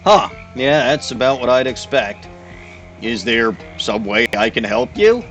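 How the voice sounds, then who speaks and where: Guy playing a text game and reading it out, dry jokey asides, middle-pitched voice, soft game music behind. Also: expressive, unhurried. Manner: wry, chuckling asides. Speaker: game player. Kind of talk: reading a game's narration aloud while playing.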